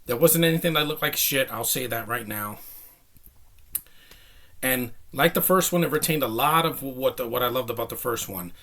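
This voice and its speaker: A young man talks through a film review in an excited, rambling way, full of fillers and restarts. He sounds a little out of breath, and his voice is bright and forward. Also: mid-range voice, moderate pace. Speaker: movie reviewer. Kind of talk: casual spoken film review.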